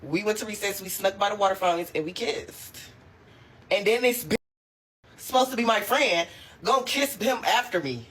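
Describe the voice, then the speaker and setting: Bright, lively young woman telling stories. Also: medium pitch, moderate pace, slightly rough. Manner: animated, slangy, laughs through her story. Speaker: storytime vlogger. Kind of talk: casual storytime.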